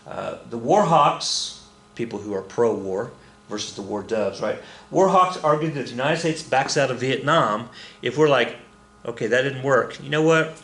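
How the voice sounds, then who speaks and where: A man's voice: mid-range voice, animated, moderate pace, a bit bright. Joking male history teacher, echoey room. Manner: casual, joking, repeats key points. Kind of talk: recorded classroom lecture.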